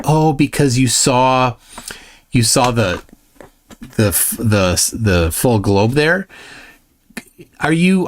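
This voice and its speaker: Man hosting a live stream, lively pitch. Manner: mocking, lecturing asides. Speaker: livestream host. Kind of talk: casual live-stream chat reading viewer comments.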